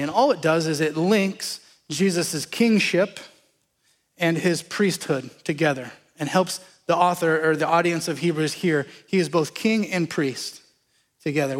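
A pastor with a voice on the high side preaches a sermon conversationally, explaining scripture and putting questions to the congregation. The sound carries the feel of a big room.

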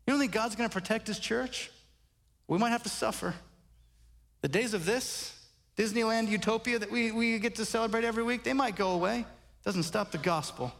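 A man preaching a sermon in a church, animated and emphatic, often asking the congregation rhetorical questions. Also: high voice. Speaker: pastor. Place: church sanctuary. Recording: reverberant church hall.

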